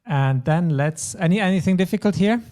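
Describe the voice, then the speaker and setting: A man's voice: high-pitched, expressive, moderate pace, a little mellow. A man teaching a German lesson, explaining grammar patiently step by step. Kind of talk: language lesson.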